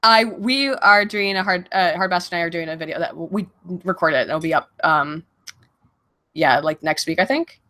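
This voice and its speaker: A woman's voice: lowish voice, moderate pace, pushed and bright. A woman from Virginia and Baltimore answering viewer questions on a casual livestream, blunt and profane, laughing often, on a desk mic at home.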